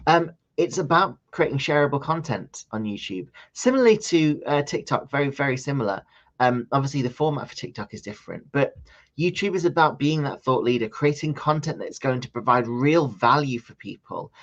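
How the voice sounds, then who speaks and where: A man leading a training session on social media marketing, talking it through in a loose, conversational way with frequent ums and restarts. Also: mid-range voice. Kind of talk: live online training session. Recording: slightly dull lo-fi audio.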